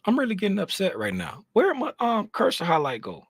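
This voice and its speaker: A man casually walking through a chart on a screen share, thinking out loud and talking to himself in a chatty, animated way. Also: fairly high pitch, fairly quick, hardly any pauses, dry recording, studio quality. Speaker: trading educator.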